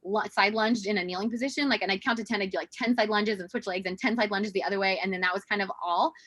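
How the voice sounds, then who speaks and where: Fast-talking woman, animated storyteller. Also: medium pitch, no echo. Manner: animated, acts out quoted voices. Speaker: podcast guest. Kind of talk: casual storytelling.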